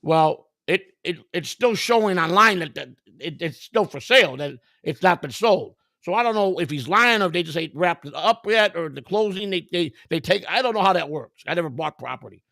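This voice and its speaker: A high-pitched man with a gravelly, fry-laden voice, chatting over a video call. He tells stories in a loose, animated way and swears constantly. The sound is dry and close. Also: a little fast, hardly any pauses, no room sound. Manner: animated storytelling, heavy swearing, mimics a pleading neighbor. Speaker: stream host. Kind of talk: casual profane chat on a video call.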